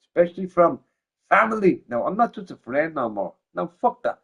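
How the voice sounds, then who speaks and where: Pijany, hałaśliwy mężczyzna na streamie, przeklinający i powtarzający się. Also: male voice, on the high side, big pitch swings, fairly quick, creaky, breathy edge, dull audio. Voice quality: loud, swinging between shouting and mumbling. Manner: swears a lot, laughs often, repeats himself. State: drunk. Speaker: gaming streamer. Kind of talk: rambling casual livestream chat.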